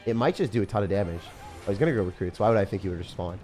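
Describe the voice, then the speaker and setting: A young man commentating his own game on a live stream, fast and jokey, chatting to viewers as he plays. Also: fairly low pitch, animated, mellow, faint music behind. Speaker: gaming streamer.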